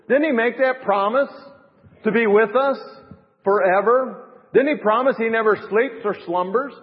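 A middle-aged man preaching a sermon as pastor, building to emphatic rising phrases and dropping to soft asides. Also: extremely high pitch, normal speed. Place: church. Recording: reverberant, dull church recording.

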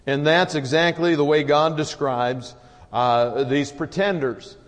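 A man's voice: on the high side, steady tone, takes it slowly. A man preaching a sermon in a folksy, conversational way, with long hall reverb.

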